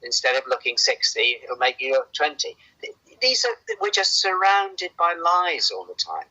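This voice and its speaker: A man's voice: mid-range voice, huge pitch swings, normal speed, sharp tone, breathy edge, rough recording. A man speaking as a doctor guest, earnest and hesitant, often repeating words. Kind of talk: casual conversation.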